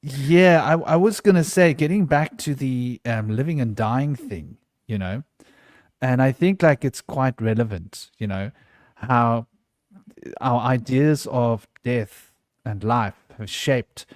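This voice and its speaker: A man's voice: medium pitch, slow, darkish tone, dry recording, clean studio sound. A man in an unscripted podcast conversation, telling a personal story earnestly and often restarting his sentences.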